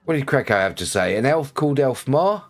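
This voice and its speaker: A man's voice: mid-range voice, expressive, fairly quick. Chatty man streaming a game. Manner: chatty, greets viewers, laughs often. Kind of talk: casual chat while livestreaming.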